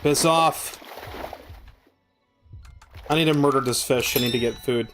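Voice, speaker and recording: A man streaming a game live, swearing often and shouting at monsters, with dry joking asides in between. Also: medium pitch, unhurried, over music. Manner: exasperated, swears a lot, yells at game monsters. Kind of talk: live gameplay commentary.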